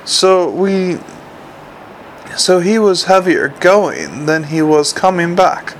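Male reader playing a plodding, literal-minded troll watchman; gravelly, blunt, broken grammar. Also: sits high, big pitch swings, slow pace, a little hiss or hum, exaggerated voice, poor audio.

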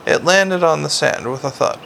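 In this audiobook narration of a fantasy tale, a man reads with frequent slips and restarts. He speaks at a moderate pace in a slightly high, gravelly, somewhat bright voice over slight background noise.

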